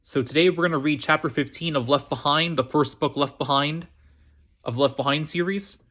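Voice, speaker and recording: A man reading a novel aloud on his own storytime channel, pitched a little high. He stumbles often, restarts words and repeats phrases as he goes. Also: normal speed, a bit bright. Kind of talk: amateur book reading.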